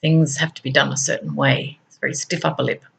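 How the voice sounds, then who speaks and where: A middle-aged Australian woman with an Australian accent, speaking earnestly in an unhurried, reflective personal monologue. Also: rumbling low, flat delivery, creaky, husky. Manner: earnest, unhurried, with frequent laughs. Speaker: speaker on a talk show.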